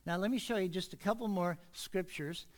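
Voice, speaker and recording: A man preaching an earnest sermon in church, speeding up when he gets excited. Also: high-pitched, normal speed. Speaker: pastor.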